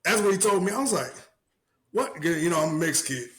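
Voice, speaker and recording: A young man co-hosting a casual podcast, telling stories with lively, shouted quotes. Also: a little high, brisk. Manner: animated storyteller, acts out shouted quotes. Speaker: podcast co-host.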